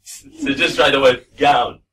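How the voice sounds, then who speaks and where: A man teaching a pronunciation class to students in a classroom, relaxed and encouraging. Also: mid-range voice, unhurried. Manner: relaxed, encouraging, demonstrates sounds. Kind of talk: classroom lesson. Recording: distant mic in a classroom.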